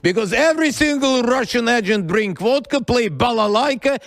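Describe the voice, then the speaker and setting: Host: high, swooping male voice, sarcastic and animated. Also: normal speed, dry recording. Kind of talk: interview.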